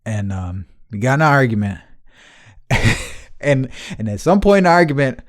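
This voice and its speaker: A man with a mid-pitched voice that swings up and down a lot as he talks. He is a podcast host telling loose, profane stories in casual conversation, piling on swear words and restarts. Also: sing-song, normal speed. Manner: profane, rambling storytelling to an old friend. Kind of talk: casual chat.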